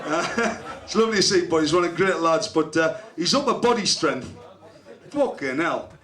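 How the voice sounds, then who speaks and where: A high-voiced man compering a football club's presentation night, ribbing each player with foul-mouthed banter. He is heard from a distance in an echoey function room, over a roaring crowd. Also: lively intonation, moderate pace. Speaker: compere at a club awards night. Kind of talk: crude roasting banter. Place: club function room with an audience. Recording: echoey room, voice far from the mic. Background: loud crowd laughter.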